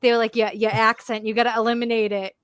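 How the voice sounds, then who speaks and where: A woman's voice: on the high side, quick pace, clear, resonant tone, no echo, clean studio sound. A woman from Michigan with a Michigan accent, chatting casually and laughing often as she tells stories. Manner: laughs often, animated storytelling. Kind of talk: casual chat.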